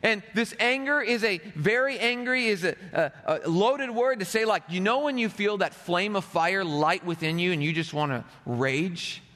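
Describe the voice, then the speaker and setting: A man preaches a sermon and lends his quotes a dramatic, acted-out flair. His voice sits high, and a long hall reverb trails each phrase. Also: moderate pace, hardly any pauses, sharp tone. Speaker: pastor.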